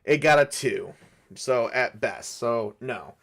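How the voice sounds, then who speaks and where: A man's voice: mid-range voice, lively intonation, slow, creaky, fairly bright tone. A man narrating a solo tabletop game as game master, thinking aloud as he rolls dice. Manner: rambling, thinks aloud while rolling dice.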